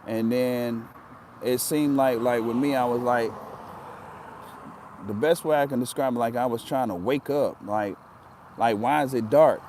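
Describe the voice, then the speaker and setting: A man's voice: medium pitch, measured pace, long pauses, noisy background. Earnest man telling his story. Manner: earnest, repeats himself for emphasis. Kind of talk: casual storytelling.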